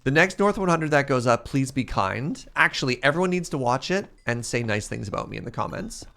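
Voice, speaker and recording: Gravelly Canadian man chatting while gaming. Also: mid-range voice, expressive, brisk, bright, forceful tone. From Canada, prairies. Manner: playful, self-mocking, chatting with viewers. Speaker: streamer. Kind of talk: casual chat while playing a game.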